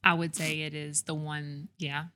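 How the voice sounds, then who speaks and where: Earnest, low-voiced woman interview guest. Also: little pitch movement, bright, forceful tone. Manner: earnest, reflective, quick to list things. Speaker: guest, real estate executive. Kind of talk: casual interview chat.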